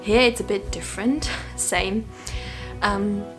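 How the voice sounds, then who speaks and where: A woman's voice: medium pitch, fairly even intonation, slow, over music. A young woman from Germany with a German accent, chatting casually in a vlog, laughing often and acting out what people said. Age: young adult. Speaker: vlogger.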